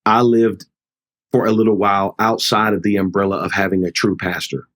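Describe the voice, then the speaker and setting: Middle-aged male pastor, low-pitched, heartfelt storyteller on an interview show. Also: level tone, brisk, a bit bright. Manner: earnest, heartfelt, re-enacts dialogue. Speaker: pastor, guest. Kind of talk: conversational storytelling.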